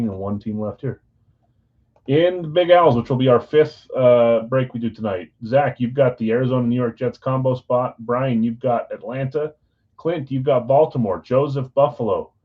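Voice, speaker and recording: A man hosting a live sports card break stream, chatting casually with viewers and reading out team assignments in a relaxed way. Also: medium pitch, dull audio. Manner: relaxed, chatty, talks straight to viewers by name.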